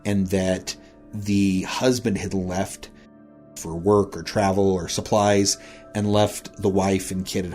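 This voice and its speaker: A man's voice: sits low, darkish tone. A man casually retelling a local ghost story he heard, rambling along with frequent "he said" and "you know" asides.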